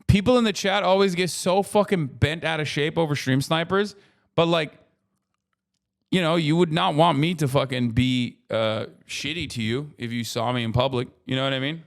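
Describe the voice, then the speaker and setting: A man in his thirties talking through a video on his stream, loose and profane, full of tangents and jokes. His voice is clean and smooth, sitting a little above the usual male range. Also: fairly high pitch, moderate pace. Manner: profane, rambling, joking asides. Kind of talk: casual reaction commentary.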